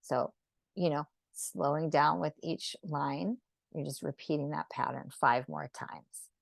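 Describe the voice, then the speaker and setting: A sacred geometry teacher guides an online drawing class in a low, gravelly voice, taking her time and speaking softly. She often pauses to ask "right?", and the recording sounds close, dry, and unhurried.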